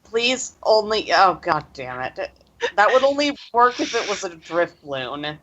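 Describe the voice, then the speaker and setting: A woman talks slowly through her character's actions in a tabletop game. She halts and restarts often. Her voice is on the low side. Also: sing-song, bright, forceful tone, muffled recording. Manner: hesitant, halting. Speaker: player. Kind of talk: tabletop role-play chat.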